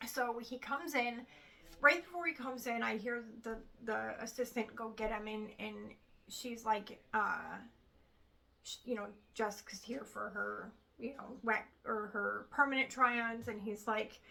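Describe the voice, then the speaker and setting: A woman's voice: on the high side, gravelly, pushed and bright, low-quality recording. A woman in her thirties telling a frustrated personal story to camera, acting out what others said along the way. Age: 30s. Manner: frustrated, retelling with quoted dialogue. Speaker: vlogger. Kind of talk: casual storytime vlog.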